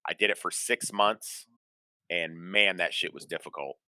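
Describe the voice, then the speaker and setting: A man in a casual chat talking bluntly, with frequent swearing and animated storytelling. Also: low voice, normal speed, no room sound, low-quality recording.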